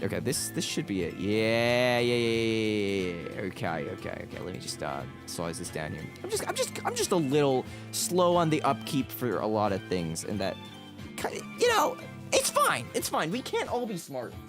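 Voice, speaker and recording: A man's voice: mid-range voice, huge pitch swings, moderate pace. A man streaming casually, rambling and joking about himself with lots of restarts. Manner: rambling, self-deprecating, many restarts. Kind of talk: casual livestream chat. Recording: background music under voice.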